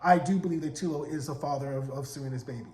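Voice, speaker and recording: A man in his forties giving a sassy, animated casual recap of a TV episode, acting out the characters' lines. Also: on the high side, fast talker. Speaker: TV recap vlogger. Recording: roomy echo.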